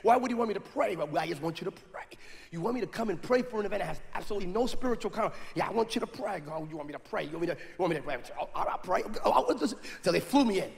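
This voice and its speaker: A man preaching a story-driven sermon, animated and rising at times to shouts. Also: high-pitched, rapid-fire, gravelly. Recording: echoey hall with faint noise.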